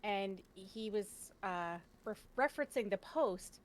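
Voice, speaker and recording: A woman's voice: mid-range voice, animated, slow pace. A woman on a panel telling a family story casually, laughing often as she goes. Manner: chatty, laughs often, acts out quoted family lines.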